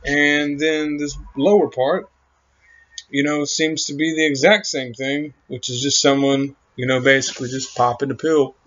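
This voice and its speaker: A man talking in a rambling, halting monologue, full of fillers and trailing thoughts. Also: a little high, flat delivery, a bit bright. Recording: muffled lo-fi recording.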